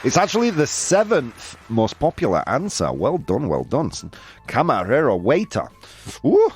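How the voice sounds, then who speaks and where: A man's voice: mid-range voice, wildly swooping pitch, normal speed, husky, some chatter behind. A man hosting a live quiz game with his audience, reading out their answers in a playful way and laughing often. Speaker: host. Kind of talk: live-stream game show with chat.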